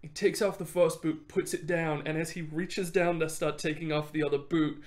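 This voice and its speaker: A man hosting a podcast, telling a history story in an animated, casual way and laughing often. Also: fairly high pitch, moderate pace. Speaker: podcast host.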